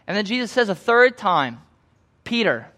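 High-voiced young man preaching conversationally. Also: expressive, moderate pace, fairly bright tone. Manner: conversational storytelling, acting out quoted voices. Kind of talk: sermon.

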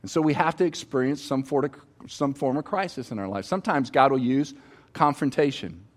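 A man's voice: medium pitch, brisk. A middle-aged man preaching a sermon on stage, telling personal stories in a conversational way and asking the audience to respond. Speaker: pastor. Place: on stage before a congregation.

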